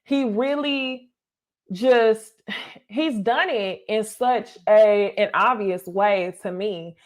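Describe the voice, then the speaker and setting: A woman's voice: mid-range voice, drawn-out words. A young adult woman, giving a blunt, casual recap commentary, swearing and calling her viewers y'all. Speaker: reality TV commentator.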